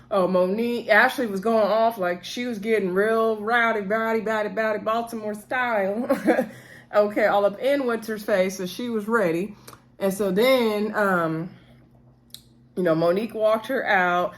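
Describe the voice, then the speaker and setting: A woman hosting a casual reality TV recap, chatty and sassy, acting out the cast members' lines in quick voices. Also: medium pitch. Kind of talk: casual chat.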